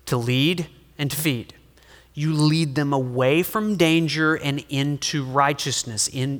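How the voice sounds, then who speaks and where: A middle-aged male pastor delivers a sermon with a bright, forceful, somewhat high voice. He is lively and joking, dropping from loud emphasis to quiet asides. His words ring out with a long reverb in a large church hall.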